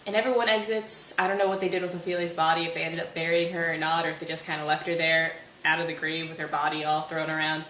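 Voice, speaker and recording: A woman's voice: fairly low pitch, steady tone, fairly quick, fairly bright tone, distant mic. Chatty, wry woman in a roomy room. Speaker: student summarizing a play. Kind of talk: casual retelling. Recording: roomy, off-mic, faint hiss.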